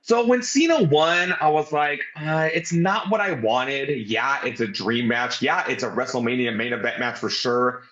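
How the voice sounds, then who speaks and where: A man's voice: medium pitch, moderate pace, hardly any pauses, fairly bright tone. A man co-hosting a casual wrestling review, talking animatedly and swearing often. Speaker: podcast co-host. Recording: roomy, dull lo-fi sound.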